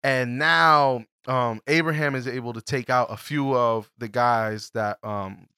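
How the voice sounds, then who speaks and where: A man co-hosting a podcast, recapping a TV episode in an animated, joking, crude way. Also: mid-range voice, measured pace, clean tone, no echo, studio quality. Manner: animated, laughing, crude jokes. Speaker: podcast co-host.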